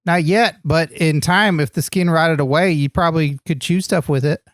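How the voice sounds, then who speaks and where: A man's voice: a little high, normal speed, fairly bright tone, dry recording, studio quality, voice pushed down, lightly acted. A man doing a naive, cheerful wrestler sidekick. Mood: earnest. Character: dim, earnest male wrestler sidekick. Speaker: comedy podcast co-host. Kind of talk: improvised comedy podcast banter.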